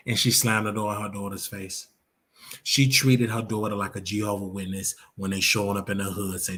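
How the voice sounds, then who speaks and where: A man's voice: fairly low pitch, level tone, fairly quick, a bit bright. A man hosting a live reaction commentary show, talking in an emphatic, preachy way and repeating his points.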